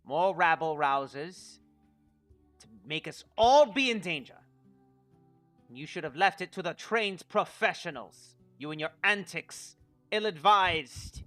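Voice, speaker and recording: Man as old aristocrat in a tabletop game: contemptuous, bright-edged scolding. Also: on the high side, expressive, measured pace, faint music behind, pitched above the performer's own voice. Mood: scornful. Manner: haughty, disdainful scolding. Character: elderly male aristocrat, stern and scornful.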